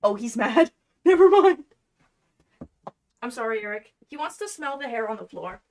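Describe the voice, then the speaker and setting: A woman's voice: fairly high pitch, expressive, fairly quick, slight background noise. A young woman chatting casually on a livestream while she crafts at home, playful and self-deprecating. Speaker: cosplay streamer.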